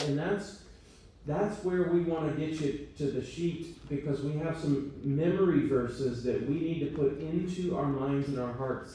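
A man's voice: medium pitch, mellow, slight background noise. A man leading a church training talk, conversational, checking in with his audience and making self-deprecating jokes. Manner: self-deprecating joking asides. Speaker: church teacher. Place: church meeting room. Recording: very echoey room, voice from far off.

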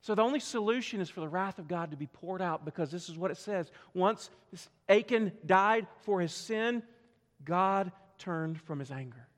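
A man pastor preaching a sermon to a church congregation, emphatic and swinging from loud to hushed. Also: high-pitched, expressive, normal speed. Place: church sanctuary. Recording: long reverb of a church hall.

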